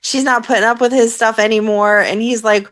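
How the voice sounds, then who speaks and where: A woman's voice: on the high side, fairly even intonation, a little fast, fairly bright tone. Chatty woman recapping with acted-out quotes. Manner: retells scenes by acting out characters' lines. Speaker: podcast co-host. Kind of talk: casual fan podcast chat.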